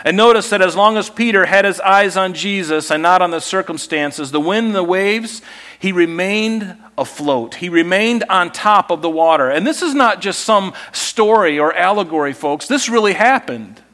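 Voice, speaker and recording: A man's voice: sits high, normal speed. Conversational male pastor preaching a sermon. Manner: conversational, animated storytelling preacher.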